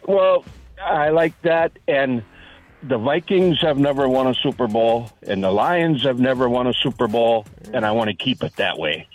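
A man calling in to a sports radio show, speaking haltingly with restarts. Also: mid-range voice, muffled recording, faint music behind. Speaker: radio caller.

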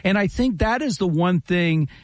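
A man hosting sports radio, telling jokey stories in a casual, animated way. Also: high voice, normal speed, no room sound.

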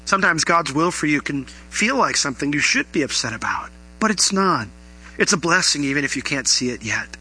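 A man's voice: on the high side, big pitch swings, fairly quick, pushed and bright, husky, rough recording. A man preaching a sermon to his congregation in an earnest, conversational way, asking the listeners rhetorical questions. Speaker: pastor.

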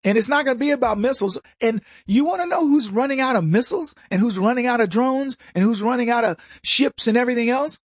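A man hosting a political commentary show, brash and mocking, laughing often and slipping into high voices to mimic people. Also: expressive, fast, few pauses, breathy edge, no room sound, studio quality. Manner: jumps into high put-on voices for quoted people. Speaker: political talk show host. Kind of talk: opinionated commentary monologue.

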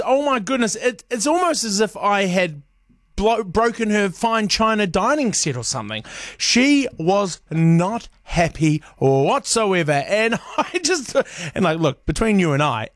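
A man's voice: sits high, big pitch swings, moderate pace, dry recording, studio quality. A New man hosting a breakfast radio show, chatting playfully with laughing asides. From New Zealand. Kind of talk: casual radio chat.

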